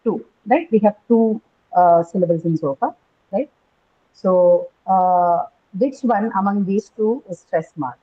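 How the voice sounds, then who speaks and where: Speaking a little slowly in a dark, mid-range voice, a woman teaches English pronunciation, ending statements with "right?" and questioning her students. It's a dull lo-fi recording.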